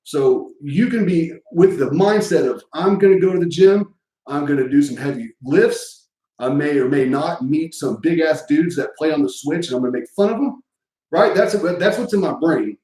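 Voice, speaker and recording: A man's voice: on the high side, moderate pace, warm tone, echoey room, low-quality recording. A man hosting a podcast, telling a crude, joking story in a casual, rambling way. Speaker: podcast host.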